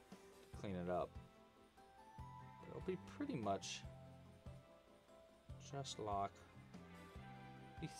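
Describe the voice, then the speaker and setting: Relaxed man murmuring through a crochet stream. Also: on the low side. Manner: relaxed, murmurs to himself while working, chatty with viewers. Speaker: crochet livestream host. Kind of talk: casual livestream tutorial.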